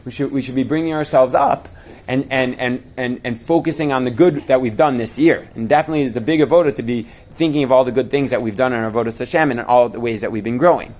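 Animated young man telling a story. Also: medium pitch, fast talker. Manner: animated, many fillers and repeats, Hebrew and Yiddish terms. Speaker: Torah teacher. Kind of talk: storytelling talk.

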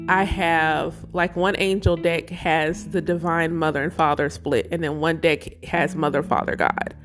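A woman speaking slowly and emotionally about her spiritual life, close to tears at times. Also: fairly low pitch. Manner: slow, emotional, searching, near tears. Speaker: spiritual vlogger. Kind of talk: reflective personal talk.

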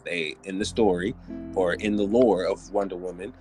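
A man hosting a podcast, ranting in an animated, joking and profane way with lots of restarts. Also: low voice, normal speed, faint music behind. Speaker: podcast host. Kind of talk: casual comedic podcast chat.

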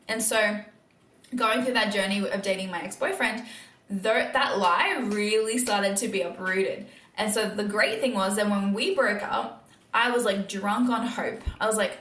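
A woman's voice: mid-range voice, normal speed, fairly bright tone, roomy sound. A woman hosting a casual faith-based podcast monologue, earnest and encouraging, with lots of filler words. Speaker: podcast host.

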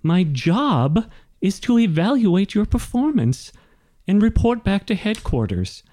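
Guy doing a stuffy young gnome lady inspector, high and prim, fed up. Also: big pitch swings, unhurried, mellow. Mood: stern. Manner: prim, officious, exasperated.

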